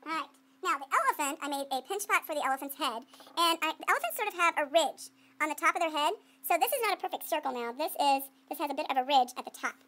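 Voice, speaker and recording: Animated and fast-talking, this woman has a high, bright, forceful voice. She's an art teacher showing a class how to work with clay, playful and chatty, thinking aloud and calling out questions for students to answer.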